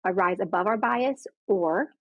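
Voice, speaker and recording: Speaking a little slowly at medium pitch, a patient tells her own story candidly and earnestly, voicing the people she quotes. The conversational recording has no echo and a dull, lo-fi, dry quality.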